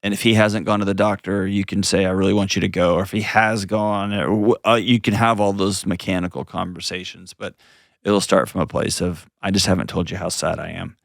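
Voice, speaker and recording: A man hosting an advice call-in show, talking in an earnest, gently coaching way and often restarting his sentences. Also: low voice, steady tone, fairly quick, dry recording, clean studio sound. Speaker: host.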